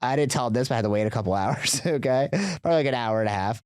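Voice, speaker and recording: A mid-range male voice races along very fast in a clean studio recording with no echo. As a podcast guest, he retells a story animatedly, chatty and full of fillers.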